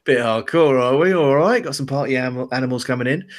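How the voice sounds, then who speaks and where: A man's voice: medium pitch, fast talker, voice pushed up, natural voice. A man doing a sneering gang dealer. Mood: mocking. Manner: sneering, swearing. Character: mocking pierced male gang dealer.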